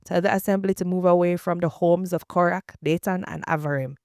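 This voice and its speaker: A woman's voice: on the low side, steady tone, a little fast, a little mellow, no room sound, studio quality, lightly acted. A woman reading the lines of a wrathful male divine voice that issues commands. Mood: commanding.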